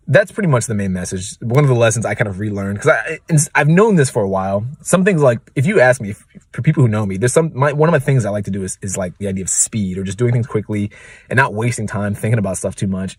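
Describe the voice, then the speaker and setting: A man's voice: fairly low pitch, husky, dry recording, studio quality. A young man from the United States ranting casually in a vlog, rambling with lots of fillers. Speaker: real estate advisor vlogger.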